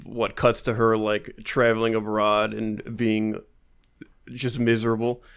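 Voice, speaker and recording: Guy with a smooth resonant voice, cohosting a comedy podcast, calm. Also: on the low side, a little slow. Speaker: podcast co-host. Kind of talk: casual comedy podcast chat.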